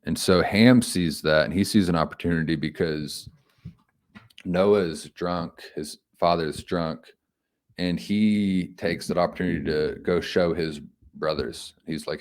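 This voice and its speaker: A man giving an informal Bible commentary, reflective and halting, thinking aloud with frequent restarts. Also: low voice. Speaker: homily speaker.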